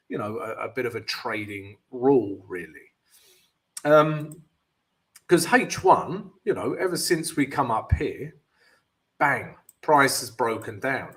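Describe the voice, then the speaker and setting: A male host walks through market charts live and takes questions from chat in a loose, chatty way. He talks slowly, but his pitch jumps around a lot, and he keeps checking in with "guys" and "yeah." It sounds unscripted, like thinking out loud on a stream. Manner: casual, addresses viewers as guys, many fillers. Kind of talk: live chart analysis with viewer Q&A.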